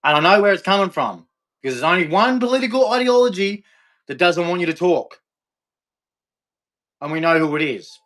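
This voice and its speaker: A man's voice: sits high, very animated, normal speed, pauses often, fairly bright tone. A middle-aged Australian man ranting angrily to camera, profane, aggressive and repetitive. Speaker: vlogger. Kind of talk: angry rant to camera.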